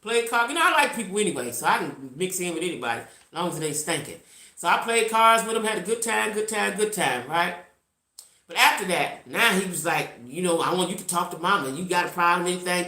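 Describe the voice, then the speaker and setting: Older woman vlogging, blunt and salty, bright voice bouncing all over, echoey room. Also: lowish voice. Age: around 60. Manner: blunt, salty, repeats for emphasis; reacts to live chat. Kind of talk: casual storytelling to viewers.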